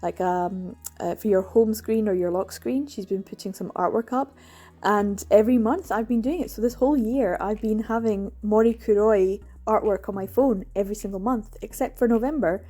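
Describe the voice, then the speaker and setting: Scottish woman, book vlogger, warm mellow tone, enthusiastic casual chat. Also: medium pitch, normal speed. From Scotland. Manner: chatty and enthusiastic, laughs often.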